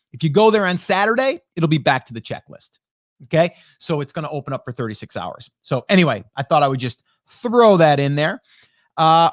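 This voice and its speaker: A man hosting a casual live stream who talks fast and gets fired up, tagging his points with "right?" and "okay?", close on a broadcast studio mic. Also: a little high, dry recording. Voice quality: energetic, fired-up, rapid talker. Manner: rhetorical "right?" and "okay?" tags. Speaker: livestream host. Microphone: broadcast dynamic studio mic.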